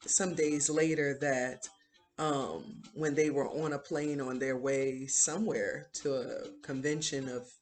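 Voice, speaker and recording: A woman hosting a video who retells a series in a casual, rambling way, with many fillers. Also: extremely low pitch. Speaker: video host. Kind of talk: casual show recap.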